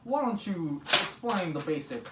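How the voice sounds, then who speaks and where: A man's voice: high-pitched, expressive, unhurried, reverberant, heavy background noise, voice pushed up. A man doing a pompous talk-show host.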